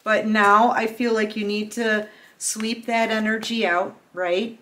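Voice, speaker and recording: A woman's voice: medium pitch, level tone, slow pace, fairly bright tone. Earnest woman tarot reader. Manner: earnest, heartfelt, talks straight to the viewer; loose and chatty with fillers. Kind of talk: casual collective tarot reading.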